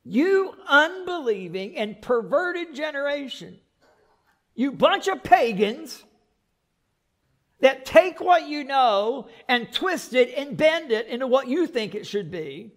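A man preaching voices an exasperated male teacher who loudly scolds his followers. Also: very high-pitched, huge pitch swings, pitched above the performer's own voice, exaggerated voice. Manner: loud, fast, scolding.

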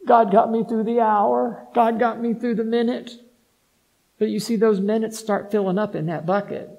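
A man with a high voice preaches a sermon as a pastor. He drives his points home with rhetorical questions, dropping into soft asides and then rising to loud, emphatic declarations. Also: steady tone, normal speed, vocal fry, dull audio.

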